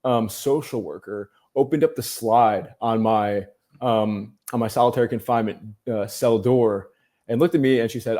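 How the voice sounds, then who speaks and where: A man speaks at an ordinary middle pitch as a podcast guest. He tells his story at length, dropping in "um"s and "you know"s and restarting sentences as he goes. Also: normal speed, dark tone. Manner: storytelling, many fillers and restarts. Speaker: guest journalist. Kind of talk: casual podcast interview.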